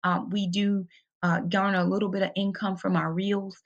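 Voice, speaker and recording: A woman's voice: medium pitch, little pitch movement, moderate pace, lo-fi sound. A middle-aged woman, talking casually and emphatically to camera about her family budget in a vlog, encouraging her viewers. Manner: chatty, emphatic, preachy and encouraging. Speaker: budgeting vlogger, single mom.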